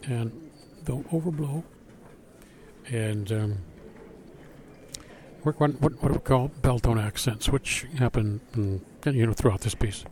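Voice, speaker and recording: A man giving spoken feedback to a school band, singing out rhythms to show them, relaxed and halting with fillers. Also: medium pitch, a little hiss or hum. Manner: sings out rhythms to demonstrate. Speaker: band adjudicator.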